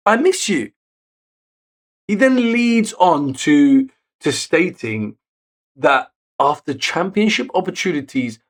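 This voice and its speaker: Man, wrestling recap host, higher register, unhurried delivery, excitable on big moments, self-correcting. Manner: self-correcting, picks words as he goes. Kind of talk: casual recap narration.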